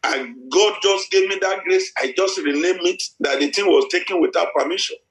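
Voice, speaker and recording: A man's voice: high-pitched, normal speed, fairly bright tone. A middle-aged man preaching a sermon, repeating himself with many hesitant restarts. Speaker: pastor. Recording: echoey church hall.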